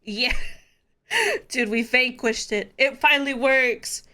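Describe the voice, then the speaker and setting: A woman's voice: sits high, wildly swooping pitch, slow pace, pushed and bright. A woman live-streaming in casual chat, playful and giggly, swearing freely.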